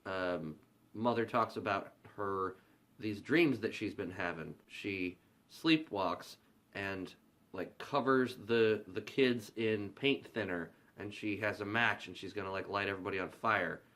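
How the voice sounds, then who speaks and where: A man's voice: lowish voice, a little slow, a bit bright. Casual, profane man recapping a film. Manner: loose and profane, acts out characters' lines. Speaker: movie reviewer.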